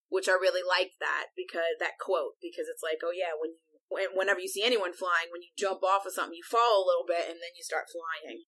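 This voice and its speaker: Woman podcast host going thru a chapter, says like a lot, crisp bright tone. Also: on the low side, steady tone, fairly quick, hardly any pauses, poor audio. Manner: retells the chapter at length with frequent "like". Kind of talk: casual book discussion.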